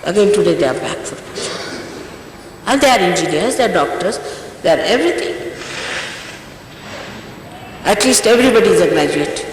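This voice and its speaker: A woman's voice: lowish voice, expressive, fast talker. An older woman, a spiritual teacher, giving an emphatic, scolding talk to her followers before a ceremony, often repeating herself. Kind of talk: informal exhortation before a ceremony. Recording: echoey hall, faint hiss, old tape.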